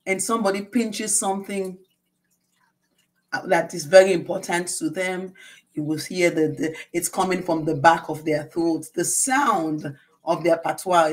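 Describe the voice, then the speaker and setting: A middle-aged woman preaching a sermon, reading scripture aloud and explaining it slowly and with emphasis. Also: on the low side, a little mellow.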